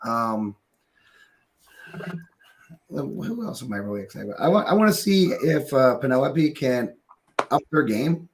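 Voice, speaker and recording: A man's voice: mid-range voice, expressive, unhurried, long pauses, slight background noise. An easygoing man speaking as a panelist in a casual group chat, thinking aloud with fillers.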